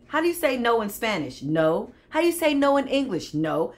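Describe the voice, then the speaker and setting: A woman's voice: medium pitch, sing-song, takes it slowly. A woman giving a tarot reading to her viewers, sassy and preachy, with frequent laughs and asides. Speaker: tarot reader. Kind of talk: spiritual tarot reading monologue.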